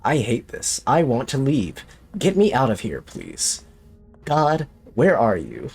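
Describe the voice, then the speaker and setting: A man's voice: medium pitch, wildly swooping pitch, slow, creaky, breathy edge, soft background music. A man streaming a horror game, talking to himself in jumpy, joking commentary. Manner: jumpy, talks to himself, jokey. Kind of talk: let's play commentary.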